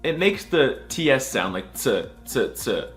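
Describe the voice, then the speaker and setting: A man's voice: mid-range voice, big pitch swings, a little slow, soft background music. A man giving a sarcastic, jokey mock alphabet lesson, drawing out each letter sound. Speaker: comedy video creator.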